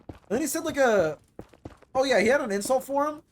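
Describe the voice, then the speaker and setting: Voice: high-pitched, expressive, a little fast, a little hiss or hum. A streamer chatting casually over live gameplay, rambling with lots of fillers and casual swearing.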